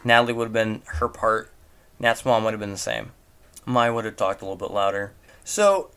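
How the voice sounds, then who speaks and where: A man's voice: medium pitch, a bit bright, smooth. Incredulous rambling man reviewing a film. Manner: incredulous, rambling, many rhetorical questions. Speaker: movie reviewer. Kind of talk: casual commentary.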